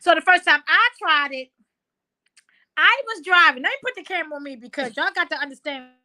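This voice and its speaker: Podcast host: woman, high and bright, lively storyteller who laughs a lot. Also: a little fast. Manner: lively, laughs often, colloquial. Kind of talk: casual chat, animated storytelling.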